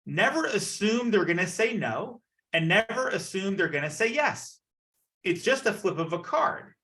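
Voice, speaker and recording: A man coaching a business community on a video call, energetic and playful, acting out the people he quotes. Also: sits high, normal speed. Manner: energetic, acts out quoted voices. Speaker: network marketing leader.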